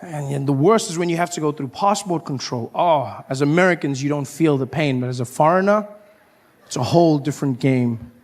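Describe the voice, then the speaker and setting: A man in his thirties from South Africa with a South African accent, performing stand-up comedy in an animated way with stammering restarts. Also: fairly high pitch, a little fast.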